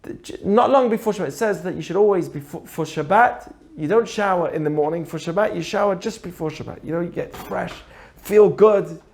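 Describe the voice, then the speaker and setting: A man teaching through an animated story, acting out the characters as he goes. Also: high voice, a little fast. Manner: animated, acts out the voices in his stories. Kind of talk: storytelling lesson.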